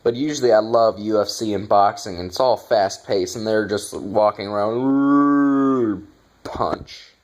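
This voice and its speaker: A man's voice: on the low side, a little slow, darkish tone. A man reviewing a bad movie in a casual, exasperated rant, swearing and sarcastic.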